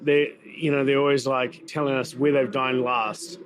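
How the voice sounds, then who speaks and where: A man's voice: medium pitch, level tone, normal speed, slight background noise. A man with a New Zealand accent, a chef talking in a casual interview, chatty and full of fillers and repeated words. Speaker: chef and restaurant owner. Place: busy event venue.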